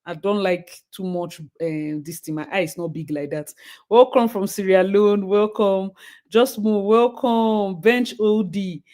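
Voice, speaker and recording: A woman hosting a live stream, chatting casually and thanking viewers with bursts of excitement. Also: medium pitch, measured pace.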